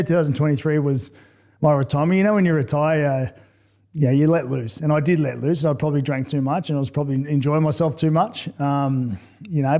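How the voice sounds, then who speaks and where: A blunt Australian man in his forties tells a long story as a podcast guest. His voice sits fairly high but has a mellow, relaxed tone. He acts out old conversations as he goes. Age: 40s. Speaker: guest, former rugby league player turned boxer.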